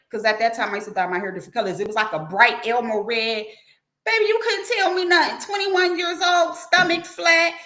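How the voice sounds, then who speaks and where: A middle-aged woman hosting a livestream tells a story in a casual way, animated and profane, acting out the quotes as she goes. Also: high-pitched, roomy sound. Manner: animated, profane, acts out quotes in her telling. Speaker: livestream host.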